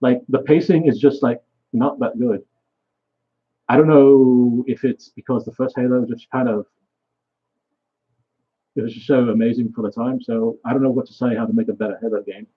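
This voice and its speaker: A man's voice: mid-range voice, fairly even intonation, normal speed, long pauses, breathy edge, narrow, tinny audio. A young man vlogging a rambling solo monologue, swearing often and trailing off mid-thought.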